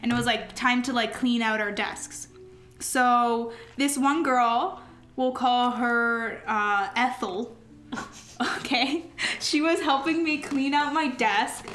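A young woman telling school stories in casual chat, giggly and animated, with lots of fillers. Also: a little high, slow pace. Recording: echoey room.

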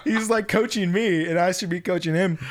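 A man's voice: high voice, a little fast, a loud crowd. A man co-hosting a casual podcast, telling a story with lots of laughter and acted-out quotes. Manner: animated, laughing, acts out quotes. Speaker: podcast co-host.

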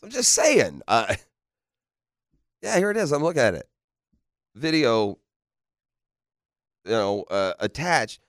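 A man's voice: medium pitch, sing-song, takes it slowly, pauses often, no echo, clean studio sound. A man hosting sports radio in a casual, playful way, laughing often and firing off rhetorical questions. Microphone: studio microphone.

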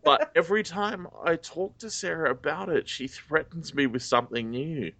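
A man co-hosting a podcast in a casual, self-mocking way, speaking in a low, groggy morning voice. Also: expressive, normal speed, creaky, sharp tone, no room sound. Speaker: podcast co-host. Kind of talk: casual chat.

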